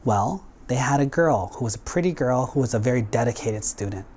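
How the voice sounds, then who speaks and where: A man's voice: medium pitch, lively intonation, a little fast, a little mellow. A male monk delivering a storytelling sermon in a loose, conversational manner. He drops in little acted quotes as he goes. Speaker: Buddhist monk.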